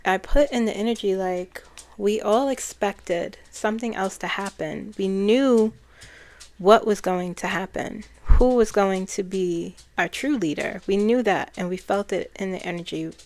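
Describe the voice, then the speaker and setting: A woman who is a spiritual channeler, talking in a soft-spoken, reflective way and laughing often. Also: medium pitch, unhurried. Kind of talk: casual spiritual talk.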